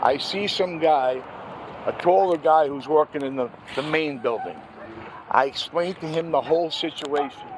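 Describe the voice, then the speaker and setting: An older man, ranting angrily in a monologue and clearing his throat often. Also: a little high, moderate pace, crowd noise, low-quality recording. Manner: angry, rambling, repeats "what happens is this". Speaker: vlogger. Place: outdoors by a street. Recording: outdoor street noise.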